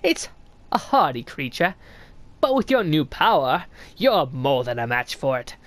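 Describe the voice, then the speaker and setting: A man voicing an old male snail shaman in a game, reading his lines in a theatrical, mock-gracious way with a raised pitch. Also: very animated, a little slow, fairly bright tone, no echo. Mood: sly.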